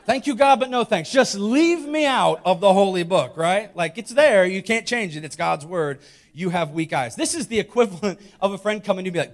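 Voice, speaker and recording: A young man delivers a comedic sermon in a high voice. His pitch leaps around as he jokes and teases, talking straight to the people in front of him. The tone stays playful and informal. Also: lively intonation, brisk. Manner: playful, teasing, talks straight to the congregation. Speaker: preacher.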